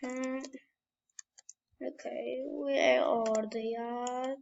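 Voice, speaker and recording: High-voiced woman trash-talking through a game. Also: drawn-out words, creaky, dull audio. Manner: animated, trash-talking, bursts of yelling. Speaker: gamer. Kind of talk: casual gameplay commentary.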